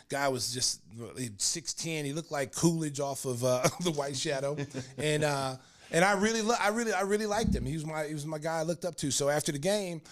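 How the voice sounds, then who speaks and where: A man in his fifties from Oklahoma, hosting a podcast and telling a story in a rambling, animated way, full of fillers and restarts. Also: medium pitch. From Oklahoma, United States. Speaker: podcast host. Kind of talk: casual storytelling.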